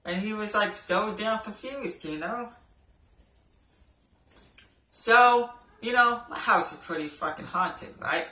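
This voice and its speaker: A man's voice: sits high, slow pace, pauses often, pushed and bright, recorded from a distance. A young man doing an amateur stand-up routine, rambling and swearing, with a lot of "you know" and "right". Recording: echoey room, voice from off-mic.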